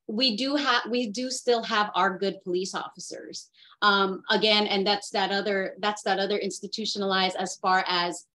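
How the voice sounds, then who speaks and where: A woman on a video call, talking in a halting, earnest way with many fillers and restarts during a group discussion. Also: mid-range voice, fairly bright tone, poor audio. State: getting emotional. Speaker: workshop participant.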